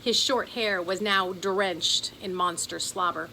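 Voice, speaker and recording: A woman reading a children's chapter book aloud in an expressive storytelling voice. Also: fairly low pitch, takes it slowly, vocal fry, slight background noise, poor audio. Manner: expressive, does character voices. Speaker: audiobook narrator.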